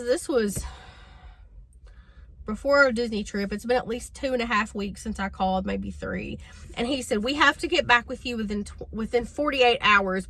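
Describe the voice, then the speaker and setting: Woman vlogger, casual storytelling, bright clear voice, exasperated. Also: medium pitch. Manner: chatty, exasperated, addresses viewers as y'all.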